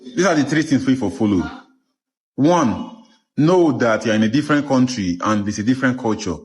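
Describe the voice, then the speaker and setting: Nigerian guy w/ pidgin-ish accent laying out tips, keeps asking "you understand", mid pitch. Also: lively intonation, moderate pace. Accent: Nigerian Pidgin-tinged English. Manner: instructive, checks in with "you understand?". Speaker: advice-giver. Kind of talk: casual advice.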